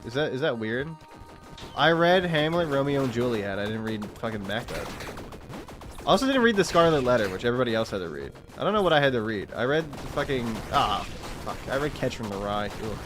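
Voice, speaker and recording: A young man chats loosely as he plays, with a mid-pitched voice. He wanders from thought to thought, swears without care and laughs often. Soft music plays quietly underneath. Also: very animated, a little fast. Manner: rambling, profane, laughs often. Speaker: streamer. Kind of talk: casual gaming chat.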